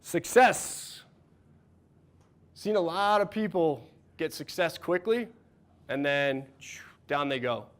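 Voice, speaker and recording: Man in his thirties, coach leading a workshop, upbeat and encouraging, slightly higher voice. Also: slow, long pauses. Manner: energetic, encouraging, asks the room questions. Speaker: mental performance coach. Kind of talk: workshop talk to a live audience.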